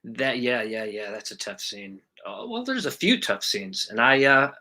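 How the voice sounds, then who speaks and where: A man in his forties, an actor guest telling animated stories about his past film work in a casual interview. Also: mid-range voice, measured pace. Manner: animated storyteller, acts out quotes, swears casually.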